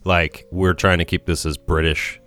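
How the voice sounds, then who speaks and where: Deep-voiced man rambling through a film opinion. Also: flat delivery, normal speed, fairly bright tone, faint music behind. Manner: rambling, hesitant, casual swearing. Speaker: podcast co-host. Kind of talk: casual movie-review chat.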